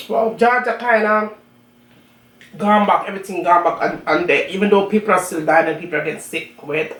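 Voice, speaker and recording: A woman's voice: mid-range voice, a bit bright. A woman from Jamaica with a strong Jamaican accent, chatting casually with viewers while she eats on her cooking channel. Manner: chatty, talks between bites. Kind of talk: casual chat while eating. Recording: roomy echo, mic at a distance, faint room noise.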